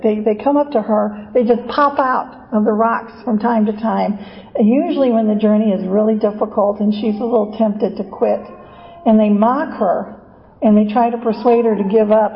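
A woman preaching a sermon in a slow, reflective, earnest way. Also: fairly high pitch, lo-fi sound.

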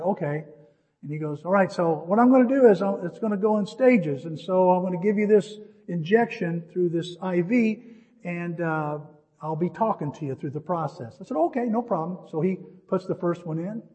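A middle-aged man preaching a sermon, telling a personal story in an animated way with jokey asides. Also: sits high, long reverb tail, muffled recording. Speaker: pastor.

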